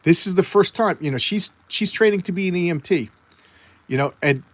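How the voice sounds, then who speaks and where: A man's voice: high-pitched, expressive, fairly quick, no room sound. A man casually retelling a comic book story in a loose, rambling way, with many fillers and restarts.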